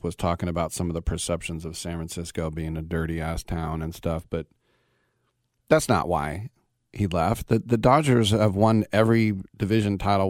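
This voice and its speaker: A man's voice: fairly low pitch, no room sound, studio quality. A man hosting a sports talk radio show, rambling in a brash, casual way and firing off rhetorical questions.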